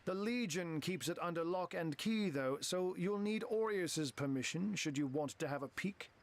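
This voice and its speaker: A punning cat-wizard. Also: male voice, sits high, lively intonation, moderate pace. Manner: flowery, playful, full of cat puns. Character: theatrical wizard who turns into a talking cat, male, witty and genteel. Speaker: game character.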